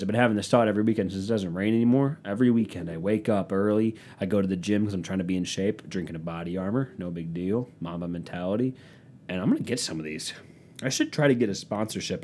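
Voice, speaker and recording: A man's voice: low voice, slight background noise. Sarcastic young man ranting at home. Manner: sarcastic, rambling, swings from loud to muttering. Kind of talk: rambling comedic monologue.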